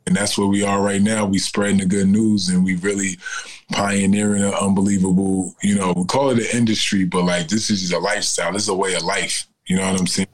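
A man's voice: deep voice, level tone, a little fast, low-quality recording. A man in his forties, a guest on an interview show, talking casually and often checking in with "you know what I'm saying". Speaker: guest, cannabis company founder.

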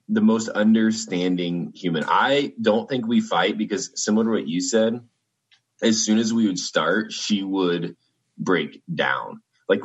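Deep, husky man on a dull line. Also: a bit bright. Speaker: podcast guest. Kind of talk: casual chat over video call. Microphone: video call.

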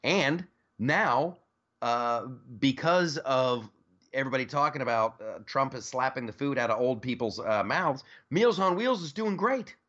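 A man's voice: mid-range voice, animated, unhurried, a bit bright, muffled recording. A man hosting a podcast, talking politics in a joking, rambling way with lots of restarts. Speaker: podcast host. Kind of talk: casual political chat.

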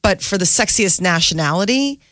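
A chatty radio co-host rattles through a morning-show segment, laughing easily and padding talk with fillers. The voice sits mid-pitch and sounds close and dry. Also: expressive, moderate pace, fairly bright tone, dry recording. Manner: chatty, giggly, lots of fillers.

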